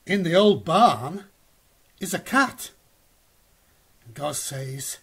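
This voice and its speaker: Slow, husky man reading a picture book. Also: on the high side. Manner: slow, animated storytelling. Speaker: reader.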